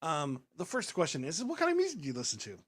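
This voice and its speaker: A man with a slightly high voice hosts a casual podcast chat, talking in a loose, rambling way. He circles through his stories, restarting sentences and filling gaps as he goes. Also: wildly swooping pitch, quick pace, a crowd in the background. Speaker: podcast host and rapper.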